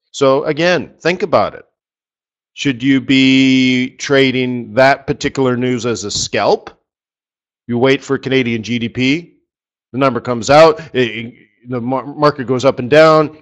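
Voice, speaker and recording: Guy running a trading webinar, chatty and jokey, keeps asking the room questions, mid pitch. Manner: chatty and joking, with rhetorical questions. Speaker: forex trading coach. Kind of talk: live webinar trading lesson.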